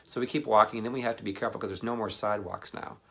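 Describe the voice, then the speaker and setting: Low, gravelly-voiced man telling a sermon story. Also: rapid-fire. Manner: rambling anecdotal delivery with animated quoted voices. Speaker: ministry speaker.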